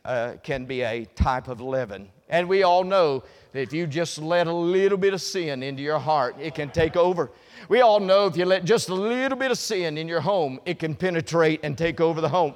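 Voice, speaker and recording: A man preaching a sermon with folksy humor, swinging from quiet asides to loud, shouted emphasis. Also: fairly high pitch, big-room sound.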